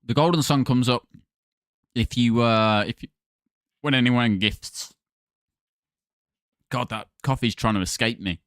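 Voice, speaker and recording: A man's voice: mid-range voice, unhurried, pauses often, a bit bright, dry recording, clean studio sound. Chatty man streaming games. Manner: chatty, thanks followers by name. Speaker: livestream gaming host. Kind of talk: casual livestream chat with viewers.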